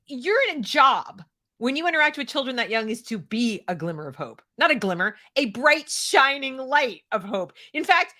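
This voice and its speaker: A woman's voice: sits high, sharp tone. An American woman giving opinionated commentary, sarcastic and mocking the clips she reacts to. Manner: sarcastic, mocks quoted clips.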